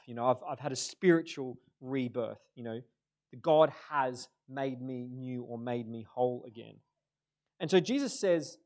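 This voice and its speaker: A man preaching a sermon, animated, moving between loud emphatic bursts and quiet, drawn-out phrases. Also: medium pitch.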